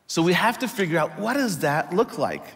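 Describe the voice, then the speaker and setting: Animated man preaching in a reverberant hall. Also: sits high, normal speed. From United States. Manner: animated storyteller acting out dialogue. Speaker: pastor. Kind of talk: storytelling sermon. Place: church hall.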